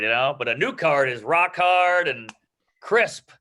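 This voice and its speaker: A man coaching comedy, riffing loosely on joke ideas and acting out quick bits of dialogue. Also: on the high side, pushed and bright. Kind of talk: casual joke workshopping.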